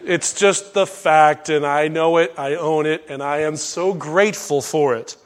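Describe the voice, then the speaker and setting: A middle-aged male preacher with a fairly high voice teaches scripture in a relaxed, conversational way. He slips into folksy asides, then jumps into loud bursts when he acts out a line. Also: unhurried. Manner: animated, acts out characters' lines in sudden loud bursts. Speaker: pastor teaching a Bible study. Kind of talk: sermon.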